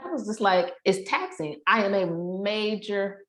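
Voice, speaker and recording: A woman guest on a podcast, chatting casually and telling animated stories about her family. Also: mid-range voice, normal speed. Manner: animated storyteller who acts out family quotes. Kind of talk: casual chat. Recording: roomy echo.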